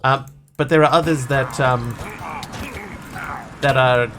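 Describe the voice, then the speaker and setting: A man's voice: mid-range voice, steady tone, slow. Chatty male streamer, rambling over noise. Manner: rambling, chatty, thanks viewers for gifts. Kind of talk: casual live-stream chat while gaming.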